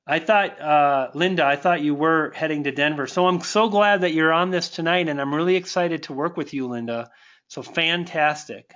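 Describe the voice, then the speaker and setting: A man coaching online marketing, hosting a live webinar and warmly answering viewers, thankful and stumbling over restarts. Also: on the high side, normal speed, lo-fi sound.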